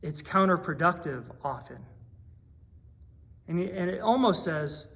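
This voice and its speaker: Man, high voice, pastor, sermon, earnest conversational preaching, small church. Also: normal speed, gravelly, fairly bright tone.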